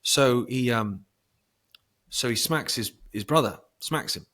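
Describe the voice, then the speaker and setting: A man speaking as a guest in a casual conversation. He swears freely and breaks into bursts of loud emphasis. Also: medium pitch, slow. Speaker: podcast guest.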